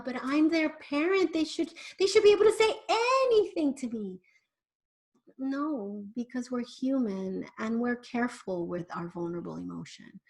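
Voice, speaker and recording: A woman who works as a parenting educator, answering viewers' questions in a conversational way and sometimes acting out the voices of parents and children. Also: medium pitch. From Miami. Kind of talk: live Q&A advice talk.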